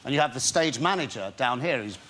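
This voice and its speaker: A man's voice: medium pitch, brisk. A man telling a rowdy anecdote as a chat-show guest, laughing as he goes and acting out the scene. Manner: animated, laughing through his story, acting it out. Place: television studio.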